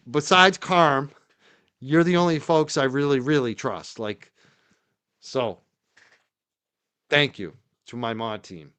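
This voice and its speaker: A man's voice: medium pitch, a bit bright, smooth. A man hosting his own livestream show, talking casually and emotionally, moved and grateful, then indignant. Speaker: podcast host.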